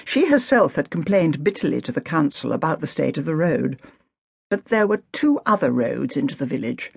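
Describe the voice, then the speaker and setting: A woman narrating an audiobook in a measured, dry storytelling manner on a close studio mic. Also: sits low, big pitch swings, vocal fry, breathy edge, no room sound. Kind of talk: scripted narration.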